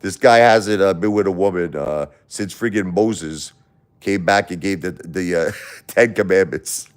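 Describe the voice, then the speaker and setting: A man's voice: low-pitched, unhurried, clear, resonant tone. A man hosting a casual livestream, talking bluntly and repetitively to his chat, confronting viewers by name. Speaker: livestream host.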